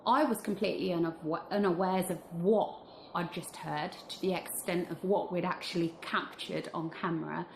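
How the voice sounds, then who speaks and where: Lowish woman, echoey voice-over. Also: steady tone, moderate pace, vocal fry, a little hiss or hum. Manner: earnest, building suspense. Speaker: paranormal investigator narrating. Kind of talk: vlog voice-over recap. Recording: echoey room with music behind.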